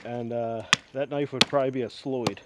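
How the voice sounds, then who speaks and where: A man's voice: mid-range voice, fairly even intonation, normal speed, heavy background noise. A man hosting an axe restoration vlog, talking casually in a rambling, enthusiastic way with frequent asides. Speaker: host of an axe restoration channel. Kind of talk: casual show-and-tell vlog.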